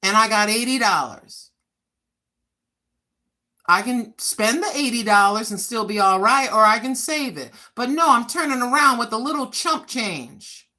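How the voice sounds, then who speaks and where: A woman in her sixties with a fairly high, bright, forceful voice talks straight to her livestream viewers. She vents bluntly and with frustration, swearing freely as she goes. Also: animated, a little slow. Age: 60s. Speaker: livestream host. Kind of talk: casual livestream venting.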